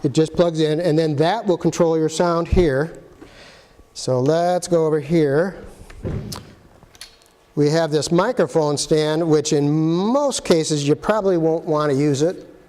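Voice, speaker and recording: A man's voice: fairly high pitch, measured pace, dark tone. Plainspoken man explaining PA setup. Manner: plain, practical, chatty asides to the viewer. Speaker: arts facility equipment guide. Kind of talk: casual instructional walkthrough. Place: presentation room with PA gear. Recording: long hall reverb.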